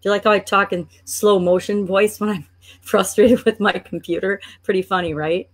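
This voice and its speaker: A woman of ordinary pitch talks through a screen-share tutorial in a chatty, thinking-aloud way. She sounds playfully exasperated with a sluggish computer as she clicks along. She comes across as a business coach showing a step-by-step process. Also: fairly even intonation, normal speed.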